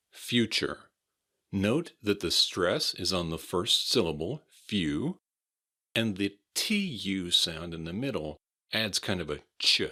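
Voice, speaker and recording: American man, very low voice, unhurried, repeats words carefully, pronunciation lesson. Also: sharp tone. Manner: repeats each word slowly and clearly. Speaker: pronunciation teacher. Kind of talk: slow, deliberate pronunciation lesson.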